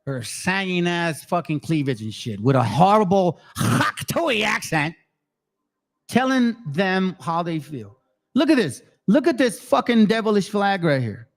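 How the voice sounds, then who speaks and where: A man's voice: high-pitched, sing-song, measured pace. A man giving heated, profane commentary on video clips, ranting angrily.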